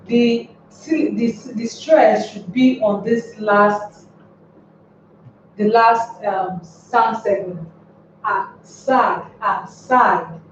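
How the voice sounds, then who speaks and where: Slow, deliberate woman teaching in an echoey room. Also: on the high side, a little mellow. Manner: slow, deliberate, asks the class rhetorical questions. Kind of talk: classroom grammar lesson. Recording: echoey room, distant mic, dull lo-fi sound with faint noise.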